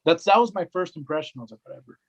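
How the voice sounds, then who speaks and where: A man's voice: on the high side, very fast, dull audio. A young man, a wrestling commentator, telling a story in a casual podcast chat and acting out the voices of the people in it. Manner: animated, acts out quoted voices, lots of "right?" and "man".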